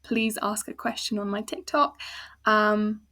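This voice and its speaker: A woman's voice: medium pitch, pushed and bright. A woman with a South African accent teaching a language lesson, patiently breaking words into sounds and syllables. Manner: patient, slow explaining with spelled-out sounds. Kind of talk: casual spoken lesson.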